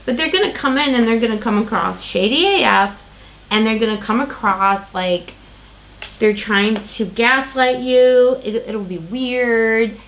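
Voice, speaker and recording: A woman's voice: a little high, measured pace, fairly bright tone, poor audio. A woman doing a casual tarot reading, talking in a loose, rambling way with lots of fillers and restarts. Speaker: tarot reader.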